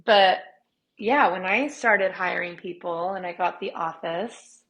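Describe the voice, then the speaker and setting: A woman's voice: on the low side, a little slow, fairly bright tone. A woman guest in a casual podcast chat, rambling with constant filler words. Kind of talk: casual conversation.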